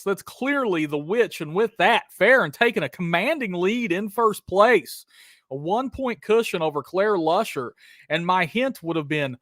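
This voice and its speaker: A man's voice: high voice, expressive, normal speed, a bit bright, no room sound, studio quality. A man hosting a live horror trivia stream, hyped and chatty, calling viewers brother and dude.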